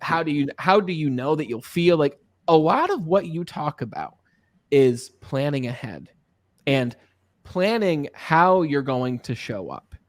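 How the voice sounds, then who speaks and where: Host, male, higher-pitched voice, lively anecdotal delivery, dry close-miked sound. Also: measured pace, no echo. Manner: animated, anecdotal, often asks "right?". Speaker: podcast host and sales coach. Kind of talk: casual interview chat.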